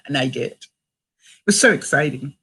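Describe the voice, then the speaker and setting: Husky, a bit bright and deep as a bass, this voice belongs to an older Canadian retiree who vlogs casually to her audience. She's a chatty storyteller, reading sayings and quotes aloud and often breaking into laughter.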